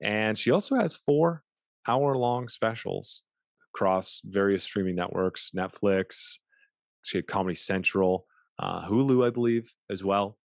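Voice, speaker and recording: A man's voice: fairly low pitch, measured pace, creaky, dry recording, studio quality. A man hosting a podcast, delivering a playful, teasing intro and chatting with his guest. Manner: goofy, teasing, playful asides. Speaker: podcast host. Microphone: studio mic, video call.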